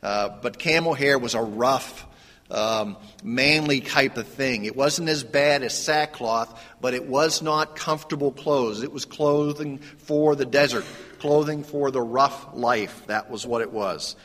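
A man preaching a sermon in a conversational way, moving between lively questions and hushed emphasis. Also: medium pitch, a little slow. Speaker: pastor. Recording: long hall reverb.

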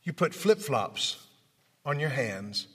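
This motivational speaker from Memphis, Tennessee has a husky, mid-range voice with big pitch swings, and he takes his time. In a hall with long reverb, he tells stories to an audience, dramatically acting out the dialogue and shifting from hushed to loud.

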